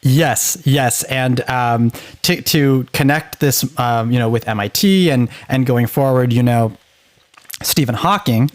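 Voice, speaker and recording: A man co-hosting a podcast, talking in a casual, enthusiastic and animated way. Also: mid-range voice, measured pace, dry recording. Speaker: podcast co-host. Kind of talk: casual chat.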